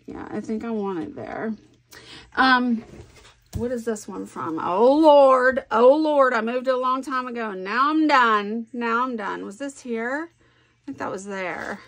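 Woman, middle-aged, crafting vlog chat, slow-paced, thinking aloud. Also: on the high side, pushed and bright. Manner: chatty, thinks aloud while working. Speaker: scrapbooking crafter. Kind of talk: casual crafting vlog talk.

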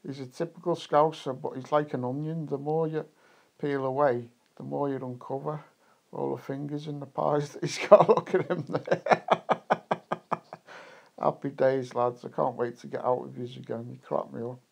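A man's voice: medium pitch, steady tone, normal speed, gravelly, no echo. An English man vlogging at a metal detecting rally outdoors, chatty and jokey, laughing often as he talks to friends. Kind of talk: casual vlog chat. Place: fields outdoors. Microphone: camera mic, wind noise at times.

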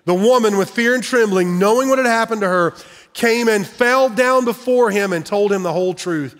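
Middle-aged pastor, man, high-pitched, earnest and personal, preaching in a reverberant sanctuary. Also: moderate pace. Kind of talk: sermon. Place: church sanctuary.

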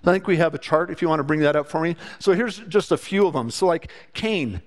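A male pastor gives a sermon in his church. His voice sits somewhat high for a man. He talks earnestly and often doubles a word at the start of a phrase. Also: fairly quick. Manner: earnest, repeats words when starting a thought.

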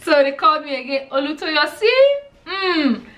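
A woman in her thirties from Nigeria with a Nigerian accent, telling a lively storytime vlog and acting out the dialogue. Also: mid-range voice, brisk, recorded from a distance. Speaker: vlogger.

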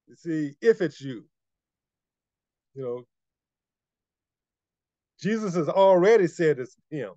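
A man's voice: on the high side, animated, takes it slowly, long pauses, dark tone, dry recording, lo-fi sound. Emphatic preacher man, repeating key phrases. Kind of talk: sermon.

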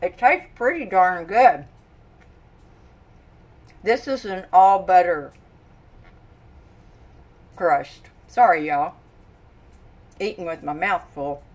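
An older woman talks to her viewers from her kitchen at a slow, easy pace. She is chatty and folksy, often breaking into exclamations. She sounds tired. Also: lowish voice, darkish tone. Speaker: vlogger. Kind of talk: casual chat to camera. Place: home kitchen.

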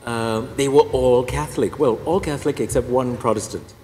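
A man's voice: mid-range voice, moderate pace, a little mellow. A man in his fifties from Singapore, a Catholic priest telling his story in a humorous, self-deprecating way, laughing at his own jokes. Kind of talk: humorous personal testimony talk. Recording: echoey hall, faint background noise.

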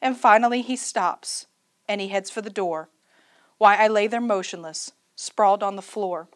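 A woman reciting a poem in the first person as a frightened, abused three-year-old girl, in a slow and solemn manner. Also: mid-range voice, natural voice. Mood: mournful.

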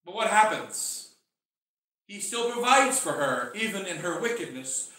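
Bishop sermon: high, bright American man, impassioned and theatrical, echoing from a distance in a church. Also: animated, moderate pace. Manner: impassioned, acts out quoted voices, swings from loud to hushed. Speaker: bishop preaching. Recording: very echoey church, mic far off.

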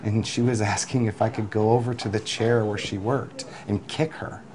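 Animated man telling work stories. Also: fairly low pitch, normal speed, background noise. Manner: animated, with restarts and acted-out quotes. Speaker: food delivery business owner. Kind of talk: interview storytelling.

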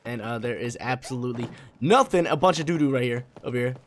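Hoarse young man commentating gameplay. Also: medium pitch, quick pace, slight background noise. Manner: laid-back, slangy, excitable bursts.

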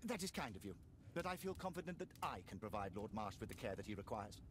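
A man's voice: fairly low pitch, big pitch swings, fast talker, noisy background. A man voicing a self-assured personal physician in a video game, with a German accent. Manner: confident, smooth-talking.

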